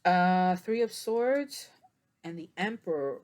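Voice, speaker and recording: Tired woman, tarot reader, slow chatty delivery, lowish voice, rambling with fillers. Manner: chatty and meandering, many fillers, breaks into soft singing. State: tired, yawning. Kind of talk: casual tarot reading to camera.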